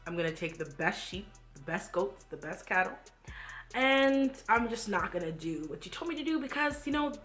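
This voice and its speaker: A woman's voice: mid-range voice, big pitch swings, normal speed, fairly bright tone, faint music behind. A woman voicing a boastful male king who breezily justifies himself, in a Bible read-along. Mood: cocky. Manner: breezy, cocky, talking over instructions.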